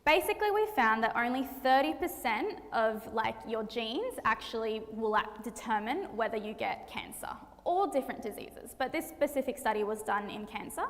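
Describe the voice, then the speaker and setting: A woman's voice: on the high side, expressive, moderate pace, few pauses. Chatty young woman in a hall. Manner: chatty, laughs easily, many fillers. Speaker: medical student presenter. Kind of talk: health presentation to an audience. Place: church hall. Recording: reverberant hall.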